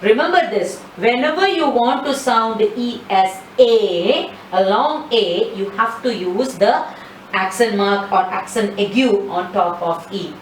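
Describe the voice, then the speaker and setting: A woman teaching a slide-based French lesson, speaking slowly and patiently and repeating each word for practice. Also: mid-range voice. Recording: echoey room, mic at a distance, faint ambient noise.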